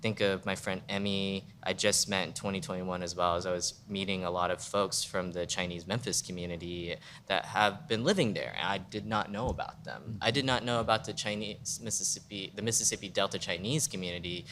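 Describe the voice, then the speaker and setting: A man's voice: deep voice, fairly even intonation, fairly quick, hardly any pauses, a bit bright, a little hiss or hum. A man guest photographer in a casual panel talk, rambling and frank, full of "like" fillers. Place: museum event space.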